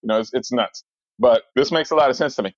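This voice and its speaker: A man's voice: mid-range voice, fast, no room sound. Chatty man rambling thru stories, lots of um and like, dry kinda muffled mic. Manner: rambling, animated storyteller with many fillers. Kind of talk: casual chat.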